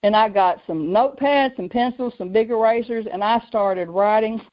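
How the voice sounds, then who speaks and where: On faith talk radio, a female host tells a personal story with animation, acting out quoted voices and laughing often. Her voice is higher, her pace moderate, and the lo-fi audio sounds dull.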